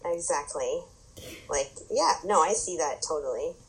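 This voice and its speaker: A woman guest on a podcast, chatting casually and agreeably, quick to chime in. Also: deep voice, animated, breathy edge, low-quality recording. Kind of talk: casual chat.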